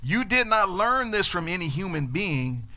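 A man's voice: high-pitched, big pitch swings, moderate pace, sharp tone. A man preaching a sermon, explaining scripture and building to emphatic, repeated declarations. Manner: preaching with rising emphasis and repetitions. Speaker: pastor.

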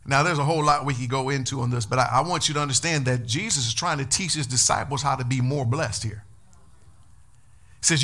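A man pastor preaching a sermon in an animated way, calling on the congregation to respond. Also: mid-range voice, brisk.

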